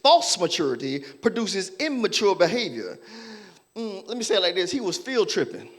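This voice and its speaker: Animated high-voiced preacher man. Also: normal speed. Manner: animated preaching with playful acted-out voices and laughter. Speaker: pastor. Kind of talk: sermon.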